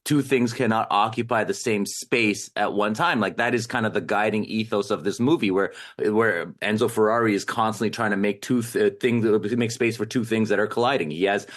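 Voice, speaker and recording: A male film critic rambles through his take in a casual panel chat, leaning on filler words. His voice sits somewhat low. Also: fairly even intonation, a little fast, few pauses, fairly bright tone.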